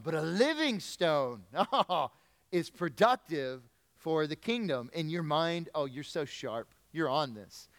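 Pastor, male, conversational preacher; smooth, clear voice in a reverberant church. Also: a little high, fairly bright tone. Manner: conversational preaching, asks the congregation questions. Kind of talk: sermon. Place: church sanctuary.

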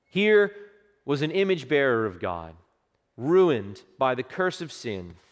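A man preaching a sermon with passion, dropping to a hush for quoted words and rising for emphasis. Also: fairly high pitch. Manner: impassioned preaching, hushed quotes, swelling emphasis. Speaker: pastor. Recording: long hall reverb.

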